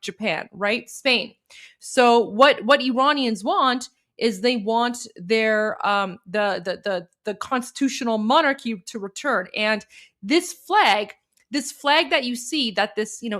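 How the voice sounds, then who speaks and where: A woman's voice: fairly high pitch, fairly bright tone. A woman hosting a live stream, talking casually with lots of fillers, restarts and repeated phrases. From Iran. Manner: chatty, repeats herself, many fillers and restarts. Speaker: political commentator and live stream host.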